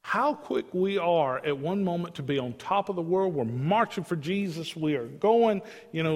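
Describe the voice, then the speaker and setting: A male pastor preaching an earnest, emphatic sermon in a slightly higher register. His voice carries the long, ringing reverb of a church hall. He presses his points home with pleading urgency. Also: animated, moderate pace, few pauses. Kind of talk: evening sermon. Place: church sanctuary.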